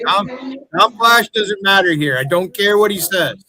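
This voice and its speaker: A man hosting a livestream, ranting angrily at his chat with heavy profanity, taunting viewers and breaking into loud outbursts. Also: high voice, animated, measured pace, a crowd in the background. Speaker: livestream host.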